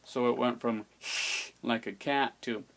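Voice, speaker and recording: Man, language teacher; slow and patient, sounds things out one by one. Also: medium pitch, steady tone. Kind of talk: explaining an alphabet's pronunciation.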